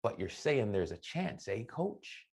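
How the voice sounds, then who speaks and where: A man's voice: lowish voice, sing-song, measured pace, a little mellow, breathy edge, full character voice. A man voicing an earnest, eager young male soccer player pleading to make the team.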